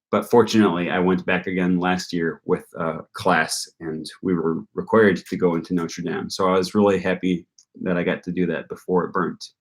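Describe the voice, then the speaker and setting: A young man answers viewer questions on a live stream in a relaxed, rambling way. His voice sits a little low, and he pauses often with ums while he thinks. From North Carolina. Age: young adult. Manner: casual, thinking aloud with frequent ums.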